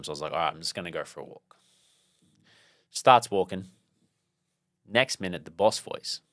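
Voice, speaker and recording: A man's voice: low voice, fairly bright tone, dry recording, clean studio sound. A man hosting a podcast, telling a motivational story in a rambling, casual way with many fillers and restarts. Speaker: podcast host.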